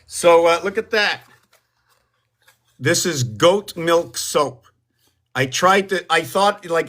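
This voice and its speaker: A man's voice: a little high, pushed and bright. Man rambling through a home livestream. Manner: rambling, musing aloud on words and numbers. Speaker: livestream host. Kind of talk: casual livestream chat.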